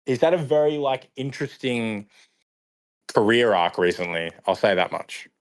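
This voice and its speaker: Guy hosting a livestream, chatty and joking, mid pitch voice. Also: lively intonation, no room sound. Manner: joking, quick asides, mocking impressions. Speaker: host. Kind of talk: casual livestream chat.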